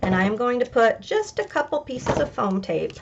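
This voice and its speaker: A woman's voice: on the high side, lively intonation, normal speed, vocal fry, muffled recording, a little hiss or hum. A woman hosting a craft tutorial, chatting casually as she talks through each step.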